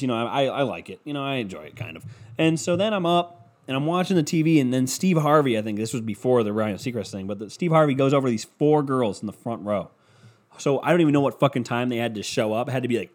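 A man hosting a solo podcast, ranting sarcastically and profanely with self-mockery into a microphone at home. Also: medium pitch. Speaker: podcast host. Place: home basement. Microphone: studio microphone.

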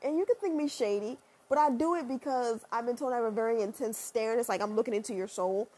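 A woman ranting in a blunt, profane and sarcastic monologue, leaping up and down in pitch. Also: fast talker, husky. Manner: animated, with sudden pitch jumps.

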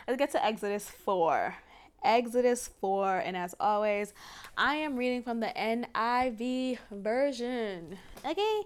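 A woman's voice: medium pitch, smooth. A young adult woman hosting a faith podcast, talking casually and emphatically, laughing often. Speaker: podcast host.

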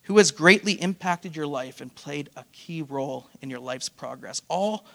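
A man's voice: a little high, moderate pace, creaky, fairly bright tone. A man preaching a sermon as pastor, asking his congregation rhetorical questions and throwing in playful asides. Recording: long hall reverb.

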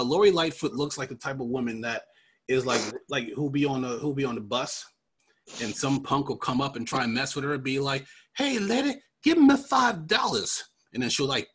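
A husky, slightly breathy man from New York hosting a politics podcast. He jokes his way through the week's news, laughs often and wanders into side stories. His voice sits in an ordinary middle pitch. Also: a bit bright. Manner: joking, laughs often, rambling asides. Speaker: podcast host. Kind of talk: casual political commentary.

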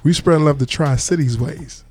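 Male podcast host, casual chat, mellow voice, playful. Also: on the high side, moderate pace. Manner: laid-back, playful, repeats himself.

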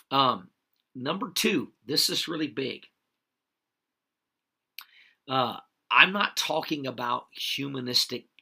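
A man's voice: mid-range voice, creaky, sharp tone, husky. A man preaching a livestreamed sermon, greeting viewers by name and hammering each point home with repeated "okay?" checks. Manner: emphatic, repeats key points with frequent "okay?".

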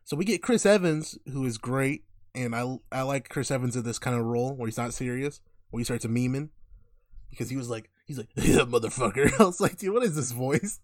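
A young man in casual movie talk, excitable, swearing and laughing through his stories. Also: medium pitch, brisk, no room sound, studio quality.

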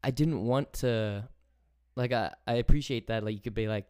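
A man's voice: fairly low pitch, fairly even intonation, normal speed, dark tone, clear, resonant tone, dry recording, clean studio sound. A young man with an English accent, chatting casually on a podcast. He swears freely and laughs easily. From England. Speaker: podcast host. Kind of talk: casual chat.

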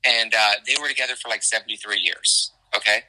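A man from Canada, an author of children's books, chatting casually and excitedly, full of fillers and restarts. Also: on the low side, fast, rough recording. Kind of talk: casual conversation.

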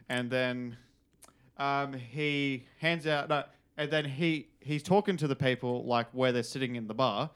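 Brief: New man, mid pitch, halting casual storyteller. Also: steady tone, a bit bright, smooth. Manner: hesitant, many ums and restarts.

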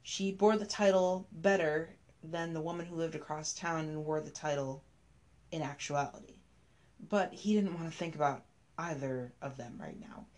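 Low-voiced woman narrating a story. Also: moderate pace, darkish tone.

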